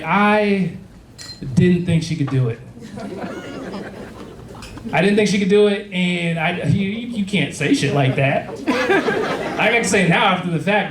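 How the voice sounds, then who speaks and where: A man's voice: high-pitched, unhurried, pauses often, far from the mic, noisy background. A man in his thirties doing a stand-up comedy set on a club stage, rambling and crude in a conversational way. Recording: echoey club, heard from afar, loud crowd.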